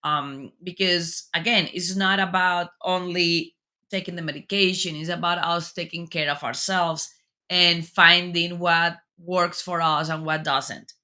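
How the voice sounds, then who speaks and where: A woman hosting a talk show interview, speaking in an earnest, encouraging way with thoughtful, slightly halting phrasing. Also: lowish voice, steady tone, sharp tone.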